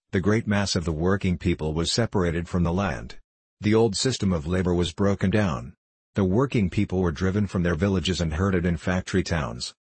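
A man's voice: sits low, breathy edge, no room sound. A man voicing a fierce male socialist debater who argues insistently and without mercy. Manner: forceful, cutting, insistent.

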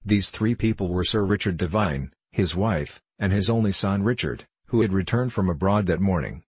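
Man, audiobook narration, very deep voice, husky, dry close sound. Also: normal speed, few pauses, no room sound.

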